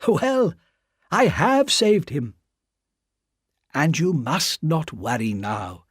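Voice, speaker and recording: A proud old doctor, voiced by a male narrator, reassures his family in a raised, slow storybook voice with a lot of pitch movement. The sound is close and dry. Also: wildly swooping pitch, breathy edge, no echo, full character voice. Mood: reassuring. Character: Doctor Manette, proud elderly father figure.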